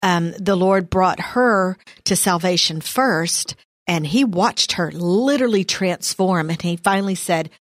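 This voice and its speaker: A woman's voice: fairly low pitch, a little slow, dry recording, clean studio sound. A woman co-hosting a faith podcast, wry and emphatic. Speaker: podcast co-host. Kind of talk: casual Bible discussion.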